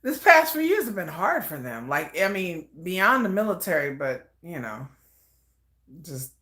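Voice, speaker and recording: A chatty woman talks through a live reaction stream, her voice sitting a little low for a woman. She rambles loosely, trails off into soft asides, then pops up into excited, animated bursts. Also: a little slow. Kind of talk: casual live reaction commentary.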